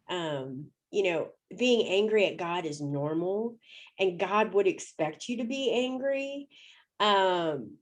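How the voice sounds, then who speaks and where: A middle-aged woman, a podcast guest, telling a personal story with feeling, her voice rising high when moved.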